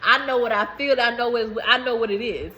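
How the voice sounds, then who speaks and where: A woman's voice: on the high side, fairly even intonation, fairly quick, pushed and bright, dull audio. A woman in giving a rambling, emphatic spiritual message to viewers, swearing freely. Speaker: spiritual reader.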